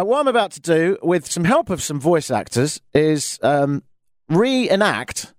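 A man's voice: a little high, no room sound, studio quality. Sarcastic, theatrical male radio host. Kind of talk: comedic radio talk. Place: Toronto, Canada.

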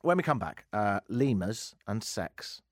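Speaking with a fairly low pitch, big pitch swings, and a slightly slow pace, an Englishman hosts a comedy talk radio show through a studio microphone, though the recording is very noisy. He banters and tells news stories in a joking, sarcastic manner, laughing at his own lines.

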